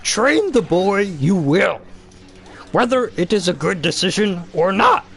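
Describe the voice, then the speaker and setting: Figure: ancient tiny alien Jedi master, put on by a man. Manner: wise and grave, inverted word order. Pitch: pushed well up. Pace: drawn-out and slow. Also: sing-song, vocal fry, fairly bright tone, faint music behind, full character voice. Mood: solemn.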